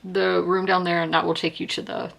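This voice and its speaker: Gravelly-voiced young woman book vlogger. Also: fairly low pitch, little pitch movement, brisk, fairly bright tone. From South Carolina. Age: 20s. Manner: chatty, rambling, heartfelt, many fillers and restarts. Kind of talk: casual reading vlog.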